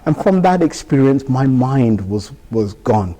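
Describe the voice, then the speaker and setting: A man's voice: mid-range voice, very animated, measured pace, dark tone, in a large hall. A man, a guest in an interview, recounting a personal experience and acting out the dialogue as he goes. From United Kingdom. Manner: vivid retelling that acts out dialogue. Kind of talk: emotional personal storytelling.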